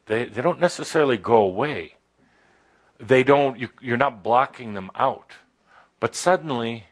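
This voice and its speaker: A man giving a channeled spiritual talk to a live audience indoors, halting and full of pauses and fillers, with playful asides. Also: medium pitch. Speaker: spiritual teacher channeling a guide.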